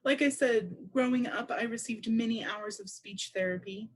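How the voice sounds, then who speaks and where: A woman interpreting aloud for a deaf presenter at a public seminar, speaking in a measured, explanatory way. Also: fairly high pitch. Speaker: sign language interpreter voicing a deaf presenter.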